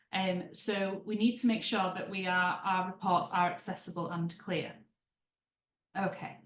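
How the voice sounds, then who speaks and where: A woman leads a webinar as a writing trainer, in a friendly, conversational way with small asides. Her voice sits at a middle pitch for a woman. The room adds a noticeable echo. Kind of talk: webinar teaching.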